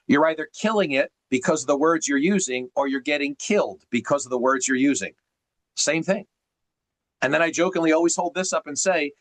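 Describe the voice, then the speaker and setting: A man's voice: fairly high pitch, no room sound, rough recording. A man coaching on a group video call, teacherly and emphatic, firing off rhetorical questions. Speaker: sales coach.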